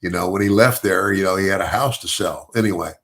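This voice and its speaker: Deep gravelly older man telling a story. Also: quick pace, fairly bright tone. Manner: rambling with many restarts and repeated words; chuckles through his own story. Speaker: podcast guest. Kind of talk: casual storytelling.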